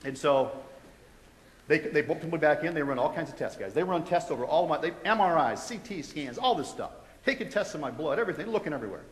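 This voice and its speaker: An American man giving a testimony to a live audience, telling his story in a lively, conversational way with quoted dialogue. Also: fairly high pitch, fast talker. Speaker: guest speaker giving testimony. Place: large college hall. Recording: echoey hall with long reverb.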